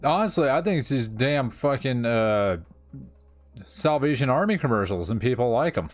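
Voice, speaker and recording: A man's voice: mid-range voice, animated, moderate pace, faint music behind. A man co-hosting a casual chat, blunt and sarcastic with plenty of swearing.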